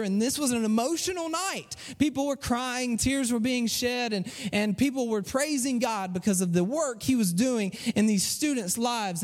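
A man preaching a sermon, telling stories with restarts and emphatic pauses. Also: high-pitched, a little mellow. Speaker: pastor. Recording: long hall reverb.

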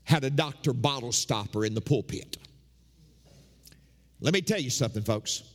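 A man's voice: medium pitch, lively intonation, moderate pace. A man preaching a sermon as pastor, emphatic and repeating his phrases for effect. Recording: long hall reverb.

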